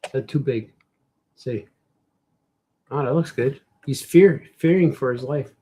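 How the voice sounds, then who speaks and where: A man's voice: mid-range voice, unhurried, dark tone, slightly rough. A man, a cartoonist, chatting casually while he draws, rambling playfully and joking to himself. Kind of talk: casual chat while drawing.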